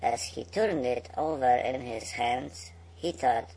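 A man reading a bedtime story aloud in a slow, unhurried way, with small slips. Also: mid-range voice, gravelly, a little mellow, slight background noise, poor audio.

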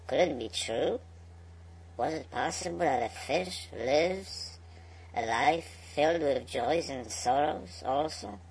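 A man reading a bedtime story aloud in a slow, unhurried way, with small slips. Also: mid-range voice, darkish tone, slight background noise, poor audio.

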